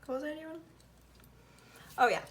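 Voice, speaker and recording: A woman's voice: high-pitched, moderate pace, a bit bright, a little hiss or hum. A woman with a Southern US accent talking through her budget in a casual vlog, counting bills aloud and sometimes murmuring the tallies under her breath. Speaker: budgeting vlogger.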